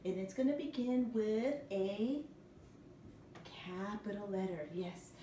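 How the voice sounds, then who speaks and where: Woman teacher, patient, spells letters out for little ones; mellow tone, faint room ambience behind. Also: mid-range voice, animated, takes it slowly, slight background noise. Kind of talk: recorded classroom lesson for young children. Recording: echoey room, mic at a distance.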